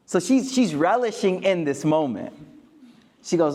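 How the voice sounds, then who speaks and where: Man giving a lively, slangy talk. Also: fairly high pitch, a little slow. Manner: lively and joking, with street slang. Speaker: Islamic speaker. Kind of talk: casual talk to a live audience.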